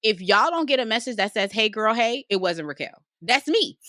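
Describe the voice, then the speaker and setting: A woman guest talking business in an animated, casual interview, loud and given to cackling laughs. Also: medium pitch, a little fast, dry recording, studio quality. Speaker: podcast guest, credit consultant.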